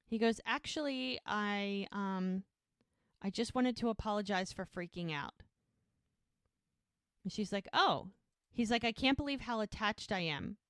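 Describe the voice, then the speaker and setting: This is a woman co-hosting a rewatch podcast, talking through a TV episode and voicing the characters' dialogue as she goes. Her voice is smooth and clear at a middle pitch. The sound is close and dry, with no room echo. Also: animated, measured pace, pauses often, fairly bright tone. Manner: retells scenes by acting out characters' lines, laughs often. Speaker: podcast co-host. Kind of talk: casual recap of a TV episode.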